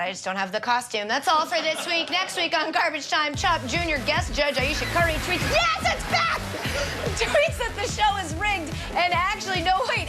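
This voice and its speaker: A woman hosting a comedic sports segment, sarcastic and joking, often laughing at her own lines. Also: very high voice. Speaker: host.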